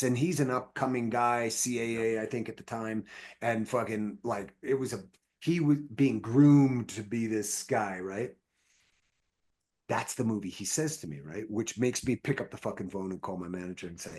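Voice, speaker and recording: A man with a husky, slightly rough voice of middling pitch tells stories as a podcast guest. He rambles and swears freely as he builds each anecdote. His delivery is loose and conversational. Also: moderate pace. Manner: profane, rambling, animated anecdotes. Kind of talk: casual storytelling chat.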